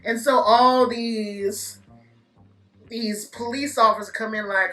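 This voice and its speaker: A woman rambles through a casual movie review, laughing, swearing and acting out scenes as she goes. Her voice sits a little high and sounds bright and forceful. It is recorded in an echoey room with faint music underneath. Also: steady tone, slow.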